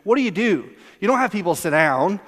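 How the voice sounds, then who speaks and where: A man preaches in a relaxed, conversational way. His voice sits high for a man, and he keeps it lively by laughing often and briefly acting out quotes. The church sanctuary around him adds a long, lingering reverb. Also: fairly quick. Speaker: pastor. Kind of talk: sermon.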